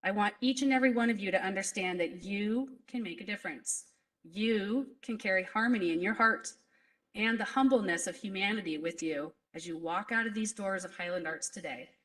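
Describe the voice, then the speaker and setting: A woman's voice: mid-range voice, brisk, a bit bright, recorded from a distance, rough recording. A woman principal giving an earnest, emotional graduation speech to students. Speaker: school principal. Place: school graduation ceremony.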